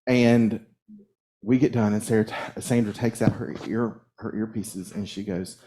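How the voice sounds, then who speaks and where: Guy minister giving a sermon, mellow warm tone, chatty storytelling, little chuckles. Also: on the low side, steady tone, moderate pace, a little hiss or hum. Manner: conversational, chuckles while telling stories. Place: church sanctuary.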